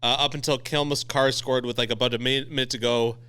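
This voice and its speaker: A man co-hosting a casual sports podcast, relaxed and chiming in with quick asides. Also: mid-range voice, clear, resonant tone. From Canada. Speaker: podcast co-host.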